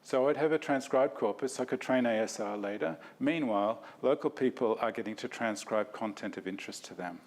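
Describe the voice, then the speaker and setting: A man's voice: medium pitch, brisk, few pauses. A man giving an academic talk, reflective and self-deprecating, in a lecture hall.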